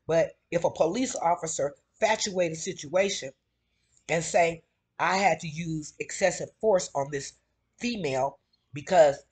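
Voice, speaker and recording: A woman in casual commentary, retelling events in an animated, outraged way. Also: low-pitched, slightly rough. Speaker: vlogger.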